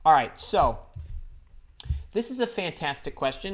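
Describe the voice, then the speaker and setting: A man in his fifties hosting a live career advice stream, answering viewer questions in an energetic, chatty way full of jokes and asides. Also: a little high, a little slow. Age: 50s.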